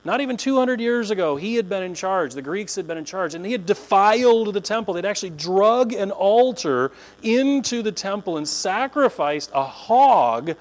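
Delivering his sermon, the pastor sounds a little high for a man, his speech rising and falling as he talks in a lively, chatty way and briefly voices the people he mentions. Audio quality is poor, and a faint electrical hum lies beneath it.

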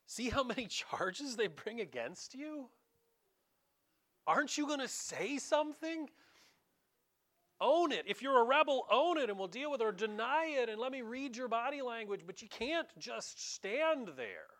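A man's voice: high voice, big pitch swings, measured pace, hardly any pauses, bright, forceful tone, voice pushed up, full character voice. Man doing an exasperated Roman governor. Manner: incredulous, pressing, demanding.

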